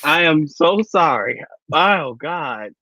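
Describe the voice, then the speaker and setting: Male guest, high and lively, slow delivery, exclaims and laughs constantly. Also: no echo. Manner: laughs often, loud exclamations. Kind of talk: casual chat. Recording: dull lo-fi sound.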